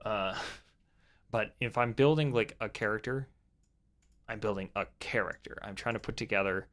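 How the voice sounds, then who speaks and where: A man's voice: on the low side, normal speed, a bit bright. A young man giving casual, rambling advice about tabletop role-playing, with frequent fillers and restarts. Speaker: tabletop game YouTuber.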